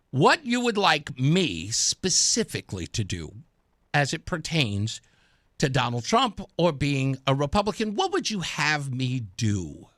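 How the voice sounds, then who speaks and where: A man hosting a conservative talk radio show, taunting and combative, getting loud and excited as he goes. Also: mid-range voice, dry recording, studio quality. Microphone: studio microphone.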